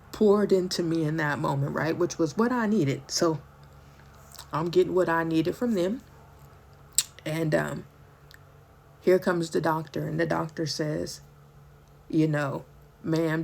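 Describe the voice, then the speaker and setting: A woman's voice: on the low side, creaky, darkish tone. A woman, a mother, giving an emotional personal testimony, emphatic and at times tearful, calling listeners "baby" and "girl". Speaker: mother telling her testimony.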